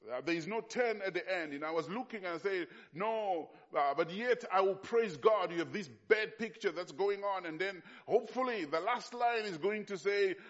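A man preaches with raw passion in a slightly high voice. He sinks to hushed, slow stretches and then climbs to loud cries, restarting his phrases often. The sound is dull and lo-fi. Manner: impassioned, swinging from hushed to loud; frequent restarts and fillers. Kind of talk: sermon.

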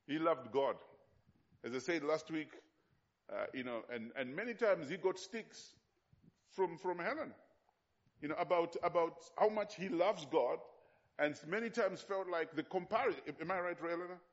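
A man's voice: fairly high pitch, moderate pace. Emphatic male pastor preaching, lo-fi sound. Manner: emphatic, repetitive, with rhetorical questions to the congregation. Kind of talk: sermon.

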